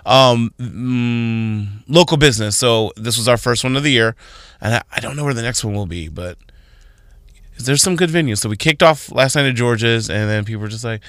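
A man co-hosting a morning radio show, telling stories with energy and slipping into high voices when quoting people. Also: normal speed, no echo, clean studio sound. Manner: animated storytelling, voicing others in high tones. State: tired after a night of drinking. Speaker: radio co-host. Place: radio studio.

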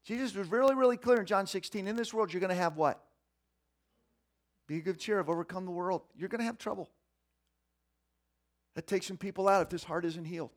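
A man preaching a sermon in an animated way, acting out the voices of the people he quotes. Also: high-pitched, a little fast, long pauses. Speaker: pastor.

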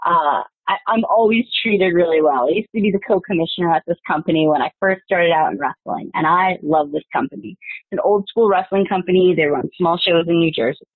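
Over dry, phone-like remote call audio with no room sound, a woman with a lowish, breathy voice talks fairly quickly. She's a guest in a casual interview, bluntly and profanely telling fired-up stories from her wrestling days.

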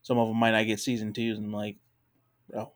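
A man's voice: fairly low pitch, level tone, fairly quick. A man in casual conversation, talking hesitantly with many fillers. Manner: hesitant, lots of fillers and restarts. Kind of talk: casual chat.

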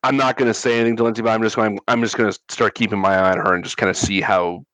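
Deep-voiced man musing aloud. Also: flat delivery, rapid-fire, a bit bright, no room sound, low-quality recording. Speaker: player. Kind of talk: casual tabletop play.

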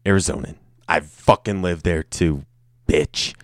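Alone and speaking off the cuff, a man with a low, unhurried voice jokes offhandedly, swears a lot and trips over his words. There's no room sound.

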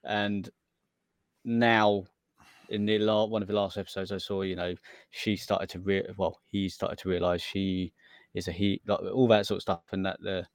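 A man co-hosting a podcast in casual chat, halting with many restarts. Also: low voice, flat delivery, dry recording, clean studio sound. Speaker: podcast co-host.

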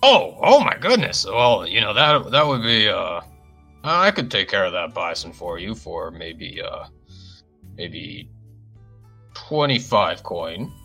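A man's voice: medium pitch, very animated, a little slow, pushed and bright, faint music behind, heavily acted. A man voicing an old, raggedy innkeeper who talks in a hesitant, wheedling, folksy way.

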